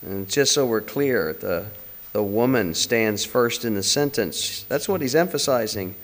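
A man's voice: on the low side, expressive, measured pace, big-room sound. A man preaching a conversational sermon, full of rhetorical questions and direct appeals to the congregation.

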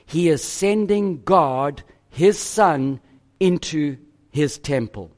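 Slow, emphatic high-voiced male preacher. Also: animated, darkish tone. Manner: emphatic and deliberate, pausing on each phrase. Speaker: pastor. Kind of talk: sermon.

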